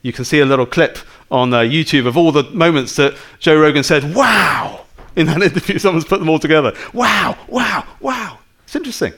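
A man's voice: on the high side, quick pace, hardly any pauses. A man preaching a sermon in a conversational way, full of rhetorical questions to his listeners.

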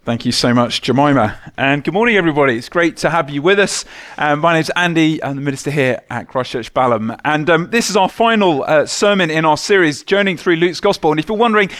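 A man, a church minister giving a relaxed, conversational sermon with light self-mocking humour. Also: fairly high pitch, normal speed, dry recording. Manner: conversational, self-deprecating humour, soft prayerful tone when praying.

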